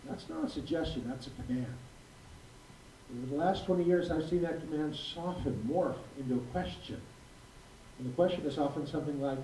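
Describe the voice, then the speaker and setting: A man's voice: medium pitch, fairly quick, warm tone. A man in his sixties, a physician giving a prepared talk to a live audience, speaking emphatically and repeating key phrases for weight. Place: school hall. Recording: roomy, distant mic with faint noise.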